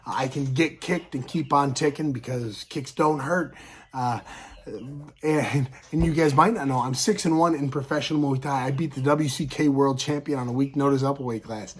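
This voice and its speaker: A man in his thirties, a show host and pro fighter, speaks at medium pitch and normal speed with a scratchy throat. He casually tells fight stories to the camera, punctuating them with sound effects.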